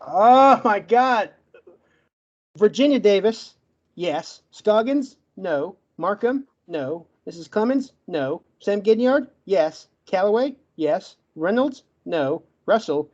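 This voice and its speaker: A man giving a debate closing argument in a rapid, list-like way, with a stutter that makes him get stuck on words. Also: high-pitched, animated, darkish tone, highs cut off. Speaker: debate participant.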